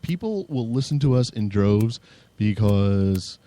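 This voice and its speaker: Slow and animated, a tired co-host with a fairly low, warm voice goofs around in casual podcast banter. He keeps breaking into mock DJ and metalhead voices, swears without restraint and laughs plenty.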